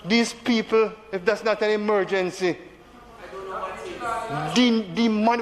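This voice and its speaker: Impassioned Jamaican senator, high voice. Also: male voice, unhurried. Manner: emotional, repeats phrases for emphasis. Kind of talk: impassioned parliamentary speech. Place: large legislative chamber. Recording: reverberant chamber with faint background noise.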